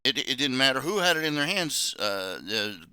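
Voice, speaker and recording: Bright, crisp-voiced hesitant man. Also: medium pitch, very animated, normal speed, no room sound, studio quality. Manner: hesitant, many fillers and restarts. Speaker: podcast host. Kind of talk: casual chat.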